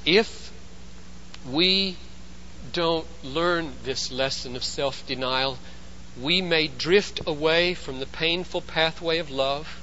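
A man preaching a sermon as pastor, emphatic, swinging between loud urgency and hushed intensity. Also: fairly high pitch, slow, muffled recording, slight background noise.

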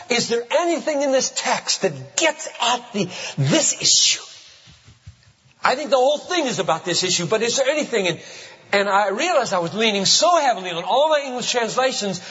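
A man preaching a sermon as pastor, emphatic and driving home points with slow, stressed phrases. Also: sits high, bright, forceful tone. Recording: muffled hall reverb.

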